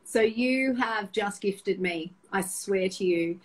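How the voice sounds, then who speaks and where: A woman's voice: medium pitch, takes it slowly, low-quality recording. A middle-aged woman, a guest sharing personal stories candidly and emotionally, often restarting her sentences. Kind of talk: open personal storytelling.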